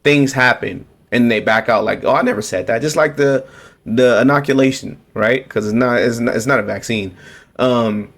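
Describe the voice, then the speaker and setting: A man's voice: mid-range voice, moderate pace, vocal fry, a bit bright. Man ranting casually to camera. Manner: repetitive, restarts, sarcastic mocking quotes. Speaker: political commentator. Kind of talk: casual political rant to camera.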